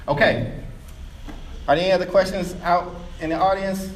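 A man speaking casually to a live audience about schools, lively and conversational, full of quick asides and fillers. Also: high-pitched. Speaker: education speaker taking audience questions. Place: meeting room with a live audience.

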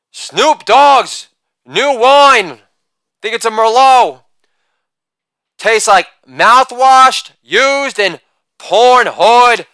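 A man in his forties doing stand-up one-liners from home, punctuating each joke with a shouted catchphrase. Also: high-pitched, smooth, dry recording. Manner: punchy joke delivery with a shouted catchphrase after each bit. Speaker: stand-up comedian.

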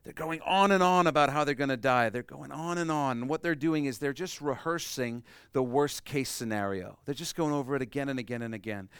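A man preaching a sermon, explaining a passage emphatically and swinging between loud and hushed delivery. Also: mid-range voice, fairly quick, hardly any pauses, clean tone, no room sound, studio quality. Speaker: pastor.

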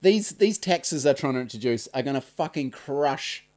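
A man's voice: medium pitch, animated, normal speed, darkish tone. A New Zealand man co-hosting a podcast, mostly chiming in with short agreements and blunt remarks. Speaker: podcast co-host. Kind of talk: casual podcast banter.

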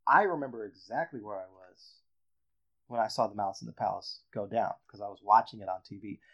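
A man hosting a casual sports podcast chat, telling a story with dramatic build-up. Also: medium pitch. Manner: animated storyteller, builds up reveals. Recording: dull lo-fi audio.

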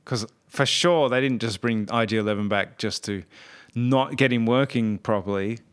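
A podcast host reviewing an episode in casual, rambling chat, full of fillers and self-corrections. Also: male voice, mid-range voice, moderate pace, clear, resonant tone.

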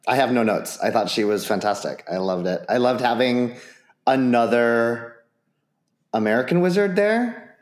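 A man on a podcast panel in casual chat, thinking aloud in a halting way. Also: mid-range voice, animated. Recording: roomy echo.

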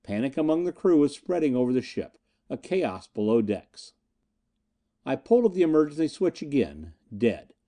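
Male narrator, dramatic first-person reading, lively pitch, dark mellow tone. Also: moderate pace. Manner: dramatic, tense storytelling. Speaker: audiobook narrator.

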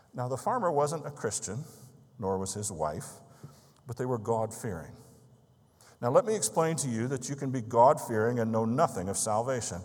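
Preacher with long hall echo. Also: male voice, medium pitch. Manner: earnest storytelling, slow and emphatic. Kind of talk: sermon.

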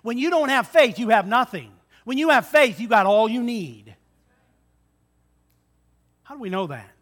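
A male pastor preaching a sermon, acting out the story in lively retellings and asking the congregation rhetorical questions. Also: extremely high pitch, measured pace. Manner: dramatic retellings with shifting loudness.

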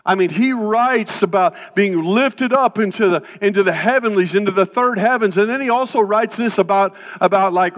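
A male pastor preaching a sermon in a conversational, animated way, breaking off into quick asides. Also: high-pitched. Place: church sanctuary. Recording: dull sound in a reverberant hall.

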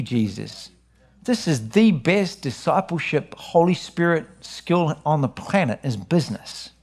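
Animated New preacher man. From New Zealand. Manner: animated storytelling, rising high when excited. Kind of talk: sermon with personal testimony.

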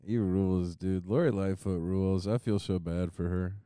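A laid-back young man chimes in with jokes on a casual podcast. His voice is very deep, dark and highly resonant, captured close and dry. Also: fairly even intonation, moderate pace, clear, resonant tone, no room sound. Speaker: podcast co-host. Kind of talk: casual chat.

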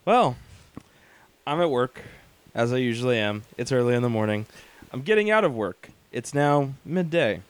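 A man, co-hosting a podcast, telling profane stories in an animated way with laughter. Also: mid-range voice, normal speed, smooth, no echo. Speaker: podcast co-host. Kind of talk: casual chat, storytelling.

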